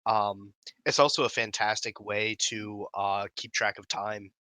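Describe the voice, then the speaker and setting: A man co-hosting a tabletop gaming podcast, chatting casually in a measured way with filler ums. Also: on the low side, little pitch movement, bright, forceful tone, dry recording. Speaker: podcast co-host. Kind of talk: casual chat.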